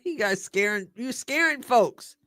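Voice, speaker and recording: A middle-aged woman hosting a live stream, chatting casually and excitedly as she reacts to a sports draft and answers her viewers. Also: on the high side, unhurried, no room sound, clean studio sound. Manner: chatty and excitable, thinking aloud and talking to chat viewers.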